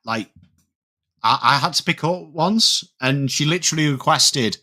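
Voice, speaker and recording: A man with a Yorkshire accent hosts a live football watchalong, talking casually with viewers and answering chat comments. His voice sits a little high and has a bright, forceful edge. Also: a little slow. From England. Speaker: livestream host.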